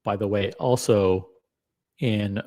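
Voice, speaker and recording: A middle-aged man hosting a live stream, excitable and rambling, with many fillers and some swearing. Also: on the low side, slow pace. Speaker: host. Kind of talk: casual live-stream chat.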